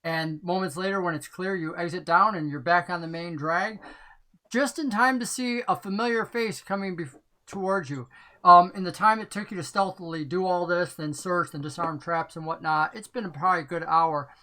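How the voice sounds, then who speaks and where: A woman's voice: on the low side, moderate pace, pushed and bright. A woman narrating as game master in a casual tabletop role-play session, laughing often and briefly voicing other characters.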